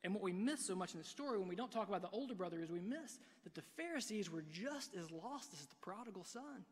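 A man preaching a sermon from a church pulpit, swinging between hushed and loud delivery. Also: sits high, lively intonation, fast talker, husky. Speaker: pastor. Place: church sanctuary. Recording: long reverb of a large hall.

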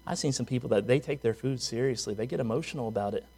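A pastor preaching a sermon in a humorous, conversational way, full of rhetorical questions. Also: male voice, medium pitch, quick pace, a little mellow, husky.

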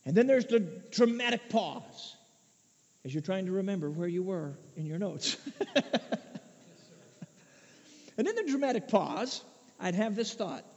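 A man preaching a sermon, swinging between hushed asides and loud shouted peaks. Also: sits high, animated, measured pace, pauses often. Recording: muffled echoey hall recording.

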